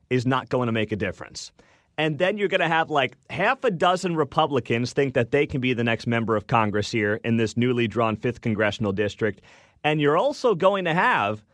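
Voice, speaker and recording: A man's voice: on the high side, fairly bright tone, no room sound. A young man hosting morning talk radio, chatty and sarcastic, speaking into a studio microphone. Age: young adult. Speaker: radio talk show host.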